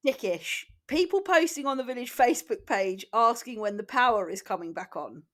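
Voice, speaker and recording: Female co-host from Britain, high and lively voice, chatty comic storyteller. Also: moderate pace. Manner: animated storyteller who acts out overheard exchanges. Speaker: podcast co-host. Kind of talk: casual comedy chat.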